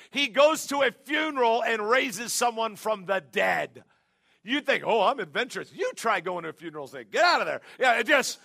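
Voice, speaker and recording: A middle-aged man preaching, with a high, gravelly voice and a bright, forceful edge. He tells stories with punchy, excitable energy and now and then breaks into shouts. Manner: storytelling, punchy and excitable, big jumps to shouting. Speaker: pastor. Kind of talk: sermon.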